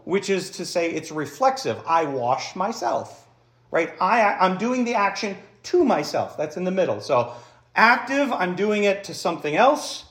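A male pastor preaching a teaching sermon in a fairly high voice. He keeps checking in with the congregation through quick questions. He stretches out the key phrases and hurries through his asides. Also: roomy sound. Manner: varies pace widely, slowing on key phrases and rushing asides.

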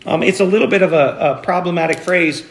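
A man's voice: high-pitched, fast talker, gravelly, echoey room. A man preaching a sermon as pastor, talking in a conversational way with fillers and restarts. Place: church.

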